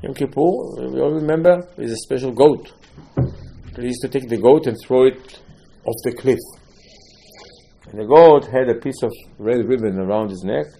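Animated man teaching a Torah class. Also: mid-range voice, moderate pace, creaky. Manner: animated storytelling, swings between loud and soft; mixes Hebrew terms into English. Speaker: religious teacher.

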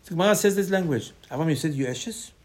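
A man's voice: on the high side, animated, fast talker, a little mellow. Impassioned man giving a Torah sermon. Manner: impassioned, repetitive, acts out quoted dialogue. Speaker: rabbi teaching Torah.

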